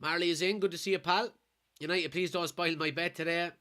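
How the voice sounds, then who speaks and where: Irish man, congested, live match watchalong host, sharp forceful tone, pitched a bit high, shouts at the ref. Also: brisk. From Kilkenny, Ireland. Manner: excitable, shouts at players and referee. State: blocked nose from a cold. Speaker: watchalong streamer. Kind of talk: live match commentary and chat reading.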